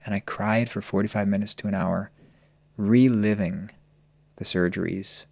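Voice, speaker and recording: A man's voice: lowish voice, steady tone, vocal fry, darkish tone, no room sound. A man telling his personal story as a podcast guest, earnest and searching. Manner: earnest, open, slow and searching.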